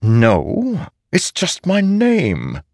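A man's voice: on the high side, huge pitch swings, a little mellow, no room sound, studio quality, voice pushed up, exaggerated voice. A man voicing an insecure male spirit made of stars, who speaks hesitantly and apologetically. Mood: anxious earnest. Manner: hesitant, halting, pleading.

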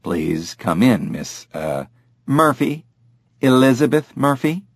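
A man voicing a middle-aged doctor in an audiobook, measured and reserved, keeping his guard up. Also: medium pitch, very animated, creaky, slightly rough, dry recording, clean studio sound, pitched above the performer's own voice, full character voice.

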